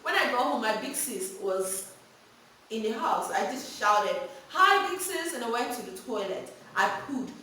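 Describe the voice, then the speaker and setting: A woman gives frank parenting advice in an animated storytelling vlog. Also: mid-range voice, moderate pace, slight background noise. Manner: animated, frank, laughs while telling stories. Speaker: vlogger giving parenting advice. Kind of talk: candid storytelling and advice monologue. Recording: very echoey room, mic at a distance.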